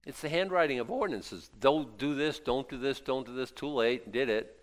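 A man preaching a sermon as a pastor, folksy and jokey, dropping to quiet asides and then rising to loud, excited exclaims. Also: normal speed. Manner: animated, swinging from low asides to loud exclaims; folksy, jokey Bible teaching.

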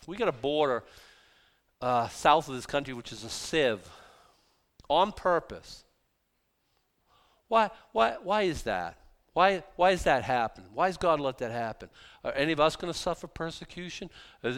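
A man preaching a sermon as pastor, animated, rising to emphatic bursts and dropping to quiet asides. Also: mid-range voice.

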